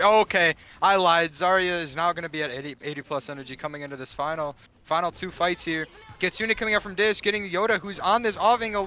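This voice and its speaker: A man casting and analysing a live esports match, animated and talking straight to the chat. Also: high-pitched, a little hiss or hum. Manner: rapid, animated, talks to the chat. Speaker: esports caster.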